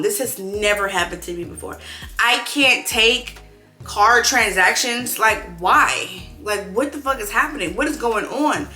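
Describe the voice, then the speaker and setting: A young woman running her own clothing brand, telling a casual vlog story in an animated way, swearing freely and acting out her own frustrated thoughts. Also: medium pitch, roomy sound. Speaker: clothing brand owner vlogging.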